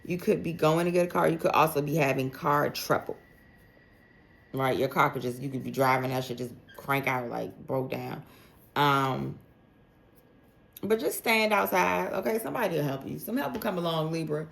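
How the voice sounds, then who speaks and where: A woman with a low, gravelly voice gives a relaxed tarot reading for the zodiac signs. She talks straight to each sign in a chatty, slangy way, packing her sentences with "like." The feel is loose and conversational, not scripted. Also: moderate pace. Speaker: tarot reader.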